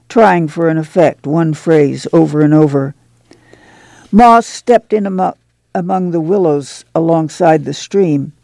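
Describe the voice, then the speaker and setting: A man narrating a literary novel as an audiobook, in a steady, unhurried storytelling manner. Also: a little high, vocal fry, no room sound.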